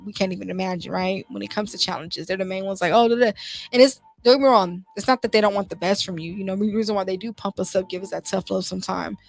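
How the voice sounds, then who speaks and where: Faint music accompanies a young woman host whose medium-pitched voice carries vocal fry. Her casual motivational talk is sincere and conversational, full of restarts and "you know."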